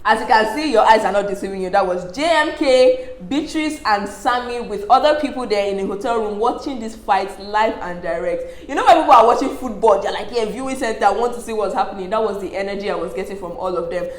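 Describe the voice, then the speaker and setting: A woman's voice: medium pitch, brisk, few pauses. Chatty Nigerian woman in an echoey room. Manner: animated, quotes people in lively asides, laughs often. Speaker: entertainment vlogger recapping a reality show. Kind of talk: casual chatty commentary.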